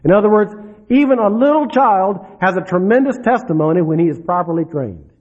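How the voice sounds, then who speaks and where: A man preaching a sermon, dropping low and soft then rising for emphasis. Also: animated, brisk, breathy edge. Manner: dramatic, swings between soft drops and rising emphasis. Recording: dull lo-fi recording.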